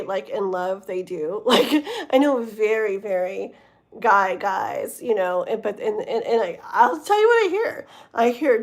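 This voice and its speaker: Young woman, tarot livestream host, casual and chatty with lots of fillers, mid-pitched voice. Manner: chatty, full of fillers like "like" and "you know"; reads chat messages aloud and greets viewers by name.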